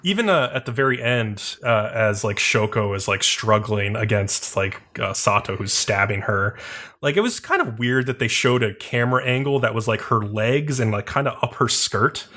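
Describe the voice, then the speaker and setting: A man's voice: lowish voice, lively intonation, moderate pace, pushed and bright. A man co-hosting a podcast in casual chat, talking loosely with many fillers and frequent short agreements. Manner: loose, filler-heavy, reacts with frequent "mm-hmm". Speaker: podcast co-host.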